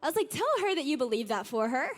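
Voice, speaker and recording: A young woman with a high, light voice gives a sermon-style talk, chatty and informal, full of "like" and "y'all". Soft music plays faintly underneath. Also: big pitch swings, quick pace. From Nashville, Tennessee. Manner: casual storytelling, frequent "like" and "y'all". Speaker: youth speaker.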